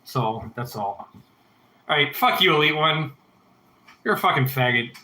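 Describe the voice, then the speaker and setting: Foul-mouthed rambling man, bright voice. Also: fairly high pitch, expressive, unhurried, echoey room, poor audio. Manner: profane, rambling, blunt opinions. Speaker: livestream host answering chat. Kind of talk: casual livestream Q&A.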